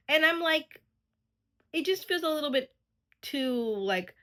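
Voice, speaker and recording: A young woman vlogger casually reacting to a TV show, animated, exclaiming and laughing often. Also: high voice, moderate pace, poor audio.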